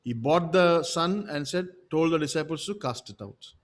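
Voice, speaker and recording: A pastor with a high voice preaches emphatically at normal speed with lively intonation. He repeats his points and frequently pauses to check in with the congregation by asking rhetorical questions.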